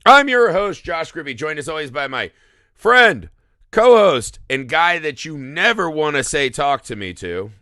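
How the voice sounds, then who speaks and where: Man, casual film podcast host, lively swings in pitch, enthusiastic, swears casually. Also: unhurried, no echo, clean studio sound.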